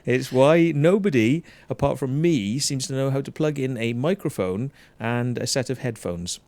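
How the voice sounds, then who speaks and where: A man's voice: medium pitch, moderate pace, no echo. Welsh guy hosting a stream, cursing a lot, dry close sound, mid voice. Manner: blunt, heavy swearing, animated ranting. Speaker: show host. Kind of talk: casual livestream chat.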